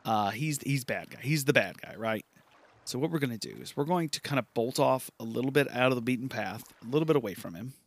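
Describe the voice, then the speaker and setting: Male gaming podcaster, mid-range pitch, loose self-amused rambling commentary. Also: lively intonation, fast. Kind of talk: casual gameplay commentary.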